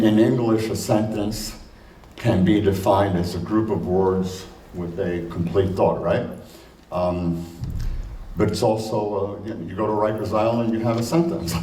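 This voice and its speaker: Male conference speaker, low warm tone, talks off the cuff, heard from afar in an echoing hall. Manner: conversational, many fillers, slows to stress points. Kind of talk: conference lecture. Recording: roomy hall, distant mic, faint noise.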